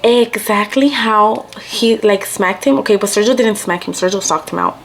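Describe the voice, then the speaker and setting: A woman's voice: mid-range voice, normal speed, a little hiss or hum. A young woman vlogger from Mexico telling a story casually while getting ready, chatty and mixing in Spanish. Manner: chatty, switches between English and Spanish.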